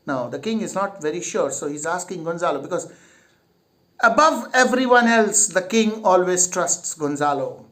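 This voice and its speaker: A man's voice: on the high side, animated, moderate pace, a bit bright. A man teaching literature, reading each line of a play aloud with emphasis and then paraphrasing it plainly.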